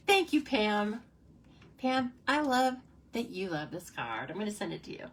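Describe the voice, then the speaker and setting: A woman hosting a live card-making demo, chatting casually and excitedly with viewers as she works. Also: medium pitch, normal speed. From United States. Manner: chatty and bubbly, reacts to comments, frequent laughs. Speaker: stamping demonstrator hosting a live stream. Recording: somewhat distant mic with faint noise.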